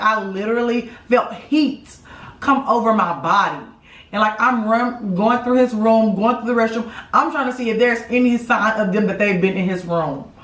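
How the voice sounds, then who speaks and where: Blunt woman telling a story in a roomy room. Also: fairly high pitch. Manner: animated, blunt, swears, talks straight to viewers. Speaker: vlogger co-host. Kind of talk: casual storytime chat. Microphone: camera mic from a few feet away. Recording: roomy sound, mic at a distance.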